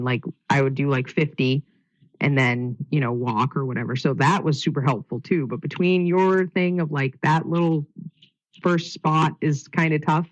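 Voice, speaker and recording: A man's voice: fairly high pitch, no room sound. A man telling a race story in a casual interview, rambling with lots of fillers. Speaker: guest runner. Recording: dull lo-fi sound.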